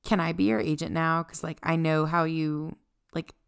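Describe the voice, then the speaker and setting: A woman's voice: sits low, fairly even intonation, normal speed, creaky, smooth. A woman co-hosting a book podcast, recapping a novel in a chatty, casual way with frequent laughter.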